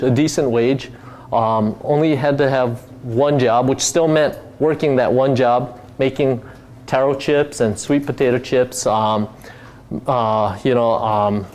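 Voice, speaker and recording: A man's voice: medium pitch, a little mellow. Rambling man giving a casual talk. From Hawaii. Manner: rambling, many fillers and restarts. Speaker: company founder giving a talk.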